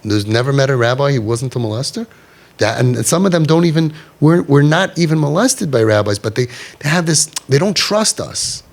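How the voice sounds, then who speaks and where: A man's voice: mid-range voice, lively intonation, moderate pace. A middle-aged man leading a parents' group, talking emphatically and repeating himself, with Yiddish and Hebrew words mixed in. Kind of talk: animated talk to a parents' group.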